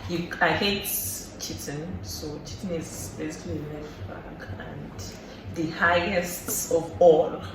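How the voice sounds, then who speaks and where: A man's voice: fairly high pitch, fairly even intonation, slow pace, hardly any pauses. A young man with a Nigerian accent, a guest talking earnestly in a casual chat and laying out his points as lists. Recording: very echoey room, voice from far off, noisy background.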